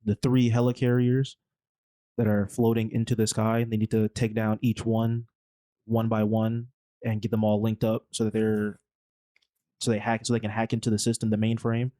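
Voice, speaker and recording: Low-voiced, flat-toned male podcast host. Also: moderate pace, dry recording. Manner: rambling, slangy storytelling. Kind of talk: casual movie recap.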